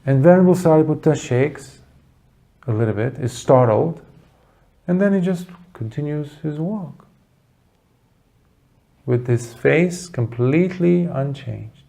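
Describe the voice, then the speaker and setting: A man giving a Buddhist dharma talk, telling a story earnestly with dramatic pauses. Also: fairly high pitch, animated, creaky, mellow. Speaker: Buddhist teacher.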